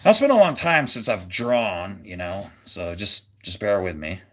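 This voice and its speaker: A man's voice: lowish voice, expressive, moderate pace. A man hosting a casual livestream, rambling with lots of fillers and restarts and a jokey, goofy manner. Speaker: livestream host.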